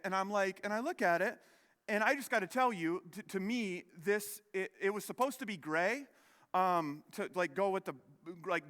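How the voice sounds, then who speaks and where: A man's voice: high-pitched, a bit bright, clear, resonant tone. A man in his thirties preaching a sermon as pastor, telling a rambling personal story with many restarts and self-deprecating asides. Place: church sanctuary. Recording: long hall reverb.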